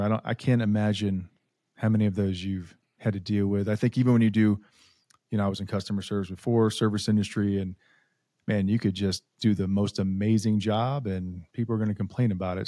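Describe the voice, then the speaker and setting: A man's voice: lowish voice, fairly even intonation, fairly quick, dark tone, no echo, clean studio sound. A man hosting a casual podcast interview, easygoing and affirming as he chats with his guest. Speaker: podcast host.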